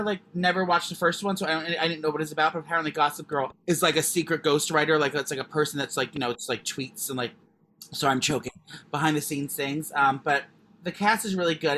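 A young man co-hosting a podcast, rambling through casual chat with lots of fillers and restarts. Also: on the high side. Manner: rambling, fast, animated, many fillers. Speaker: podcast co-host. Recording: faint background noise.

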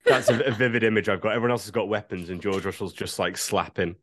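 A man's voice: lowish voice, fast, fairly bright tone. A man co-hosting a casual podcast, playful and fond of spinning comic scenarios. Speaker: podcast co-host. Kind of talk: casual panel chat.

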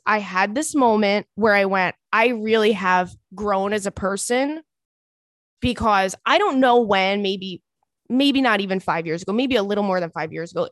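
A woman tells a story in casual chat, with a voice on the higher side. She jumps into the voices of the people she describes. The sound is close and dry. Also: no echo. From Long Island, New York. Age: 30s. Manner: animated, acts out voices in anecdotes. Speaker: podcast host.

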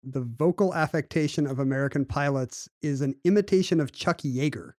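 A man's voice: a little high, a little fast, darkish tone, no room sound. Upbeat man chatting on a dry mic. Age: adult with a child. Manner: curious, jokey, often laughing. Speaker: podcast co-host. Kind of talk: casual conversation.

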